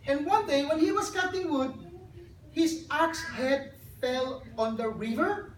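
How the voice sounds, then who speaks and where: Earnest woman speaker, sermon-like talk, slightly high voice, distant mic. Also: a little slow. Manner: earnest, storytelling, addresses audience directly. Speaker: speaker at a child dedication. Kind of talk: sermon-like talk with a joke story. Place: hotel function hall. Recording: echoey hall, distant mic, background noise.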